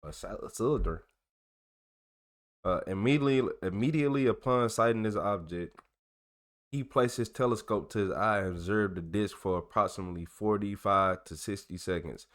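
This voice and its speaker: A man's voice: lowish voice, normal speed. A man hosting a channel, reading old documents aloud in a casual way, tripping over long words and breaking off for joking slang asides. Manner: stumbles over long words and corrects himself. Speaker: channel host.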